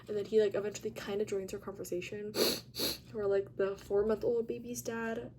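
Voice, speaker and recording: A young woman telling a story in a casual vlog, chatty and animated, with lots of "like" and free swearing. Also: medium pitch, moderate pace, a little hiss or hum. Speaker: vlogger.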